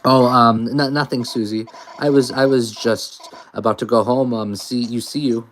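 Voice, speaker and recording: A man's voice: medium pitch, steady tone, normal speed, a little hiss or hum, lightly acted. A man voicing a nervous, timid teenage girl who stammers and hesitates. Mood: flustered.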